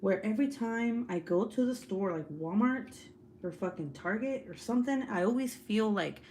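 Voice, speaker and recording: A young American woman hosts a casual livestream, reading viewer comments, chatting, swearing freely, and laughing often. Her mid-range voice is expressive and a little mellow at a normal speed, with a little hiss or hum.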